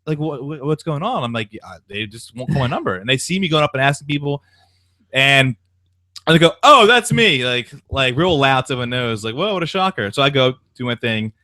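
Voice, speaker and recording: A man's voice: medium pitch, brisk, no echo. A young man on a sports talk show, telling a long story in casual chat and acting out the people in it. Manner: animated anecdote-telling, acts out quoted voices. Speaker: podcast co-host.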